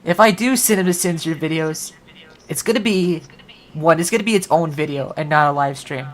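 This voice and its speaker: A woman's voice: sits low, brisk. A woman hosting a livestream, chatting casually and rambling with many "like" fillers. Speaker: livestream host. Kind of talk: casual stream chat.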